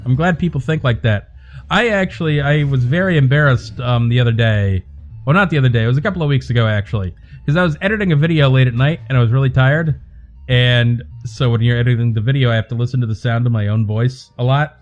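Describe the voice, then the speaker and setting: A man hosting a livestream, chatting casually to viewers in a calm, soothing voice and rambling from joke to joke. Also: medium pitch, fast talker, highs cut off, faint music behind. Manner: rambling, joking, talks to chat by name. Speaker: livestream host.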